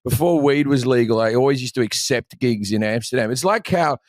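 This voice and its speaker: A man rambles through his stories at an ordinary middle pitch, dropping curse words as he goes. He sounds like a comedian on a podcast, talking casually to the hosts. The recording is dry and close. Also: brisk, no echo. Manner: rambling storyteller, swears freely. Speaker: comedian guest.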